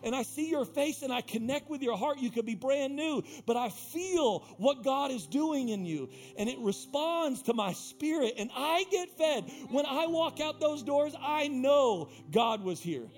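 A male pastor preaching a live sermon in a church, talking straight to the congregation by name and repeating his key lines, moving from hushed passages to loud ones. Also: very high-pitched, expressive, measured pace, few pauses. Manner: impassioned, repetitive preaching that swings from hushed to loud; talks directly to the congregation by name. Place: church sanctuary.

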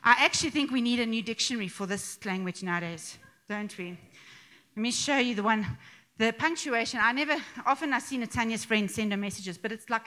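A woman's voice: on the high side, fairly quick, pushed and bright. A middle-aged woman giving a conversational sermon to a church gathering, chatty and joking, with asides and laughs. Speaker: speaker addressing a church gathering.

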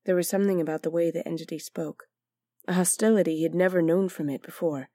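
A woman narrates a story in a measured, expressive reading. Her voice is on the low side. The recording is close and dry with no room sound. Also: no echo. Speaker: audiobook narrator.

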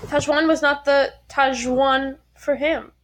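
A young woman with a higher-pitched voice co-hosts a casual podcast chat. She talks bluntly and sarcastically and swears freely. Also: fairly even intonation, takes it slowly, a little hiss or hum. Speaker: podcast co-host.

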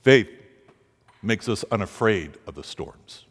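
A man's voice: expressive, slow pace. Male preacher, dramatic sermon delivery, voice climbing on pleas; long reverb of a big church hall. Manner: dramatic, rising pitch on quoted pleas.

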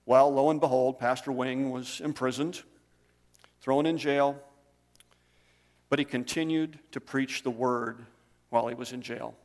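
A man's voice: mid-range voice, fairly even intonation, measured pace, pauses often. Preaching man in a reverberant hall. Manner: conversational preaching with storytelling. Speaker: pastor. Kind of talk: sermon.

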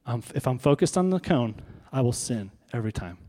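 A pastor with a warm, medium-pitched voice preaches a little fast, his pitch swinging widely. His sermon is conversational, full of rhetorical questions to the congregation, and the hall gives the recording a long reverb.

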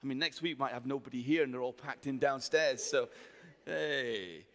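A man's voice: mid-range voice, normal speed, fairly bright tone. A man in his forties with a Yorkshire accent, preaching in a chatty, joking storytelling way to his congregation. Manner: chatty, jokey storytelling with the crowd. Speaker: pastor. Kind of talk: sermon. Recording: hall with long reverb.

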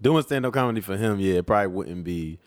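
A man's voice: lowish voice, quick pace. A young man from Philadelphia with a Philly accent, chatting casually, laughing often and acting out other people's voices. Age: young adult. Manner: animated, laughing, acts out voices. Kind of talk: casual chat.

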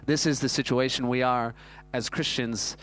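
A man, preaching a sermon that is built around a self-mocking personal story told in an animated way. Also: medium pitch, moderate pace, slight background noise. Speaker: pastor.

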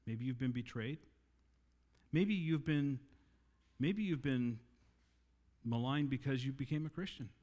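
A man preaching a sermon in an earnest way, rising louder and higher to stress his points and slowing on key lines. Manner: earnest, rises in pitch and volume for emphasis, slows on key lines. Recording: long reverb in a hall.

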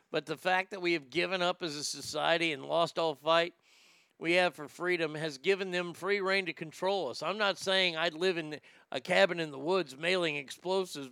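A man's voice: high-pitched, bright, forceful tone, clean tone, no room sound, clean studio sound. A male comedian hosting a livestream, reading chat aloud and ranting in a blunt, profane way. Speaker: comedian host.

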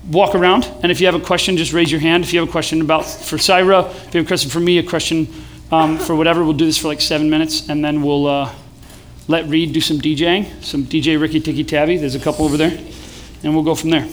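A man's voice: a little high, flat delivery, fast, a little hiss or hum. A young man preaching casually to a live audience, joking and leading call-and-response chants. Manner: casual, joking, building to shouts. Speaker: pastor. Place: event hall with live audience.

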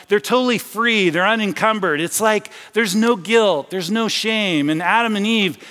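A long reverb tail follows the high, fairly bright voice of a man preaching in a church sanctuary. As pastor, he talks in a conversational way, often starting phrases over and weaving in personal anecdotes.

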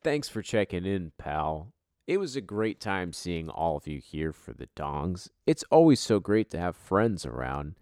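Low-voiced profane podcast host. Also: male voice, no room sound, clean studio sound. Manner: profane, joking, trailing off quiet. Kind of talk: casual podcast banter. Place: home basement.

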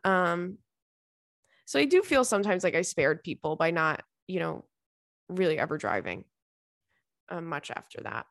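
A woman's voice: on the low side, very animated, normal speed, gravelly, pauses often, no echo, studio quality. A young woman hosting a podcast, chatting casually and rambling through listener messages with lots of fillers. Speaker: podcast host.

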